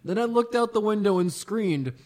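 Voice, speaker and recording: Man with a high voice, deadpan comedic read-through. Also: moderate pace. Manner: deadpan reading with asides and laughs. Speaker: co-host reading aloud. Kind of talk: comedic dramatic reading.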